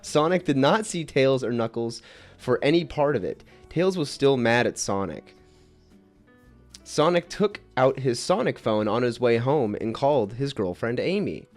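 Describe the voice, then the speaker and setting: Man, comic story narration, giggly, stumbles, lively pitch, faint music. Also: measured pace. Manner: giggly, stumbles over words. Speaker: narrator and creator. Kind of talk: comic reading of a fan story.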